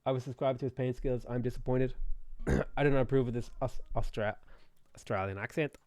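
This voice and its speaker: A man streaming a strategy game who talks in a loose, playful way and keeps answering his chat between moves. His voice sits at an ordinary middle pitch for a man. The sound is dry and close, with no room echo. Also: brisk, darkish tone. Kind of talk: live game stream commentary.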